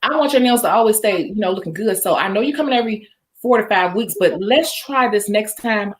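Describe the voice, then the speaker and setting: A nail tech educator teaches other nail techs in a casual, chatty coaching style, role-playing a salon appointment with a client. Her voice is medium-pitched with lively intonation and a fairly quick pace.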